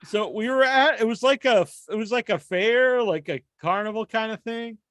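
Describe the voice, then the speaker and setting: A man co-hosting a podcast in casual chat, an animated storyteller who laughs often and acts out sounds. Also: high-pitched, moderate pace, no room sound, clean studio sound. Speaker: podcast co-host.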